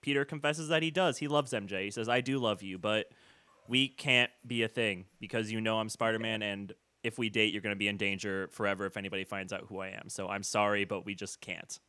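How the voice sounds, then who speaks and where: A man's voice: on the low side, steady tone, fairly quick, pushed and bright, smooth. A man co-hosting a podcast, chatting casually as he retells a movie scene by scene and dips into quoted voices. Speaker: podcast co-host. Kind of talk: casual chat recapping a movie.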